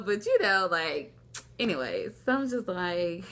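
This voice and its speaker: A woman's voice: lowish voice, big pitch swings, a little slow, creaky, fairly bright tone. A young woman vlogging at home, telling a personal story in a rambling, casual way, acting out what people said. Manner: rambling, lots of "like", acts out quoted dialogue. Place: at home, indoors.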